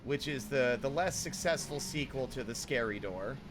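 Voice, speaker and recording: A man streaming a game, chatting casually and answering his chat in an animated way. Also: medium pitch, moderate pace. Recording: clear background noise.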